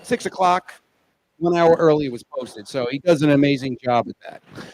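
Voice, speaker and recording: A man's voice: fairly high pitch, moderate pace, a little hiss or hum, poor audio. A man co-hosting a casual local show, chatting in an upbeat way and running through sports listings. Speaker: co-host. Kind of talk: casual chat.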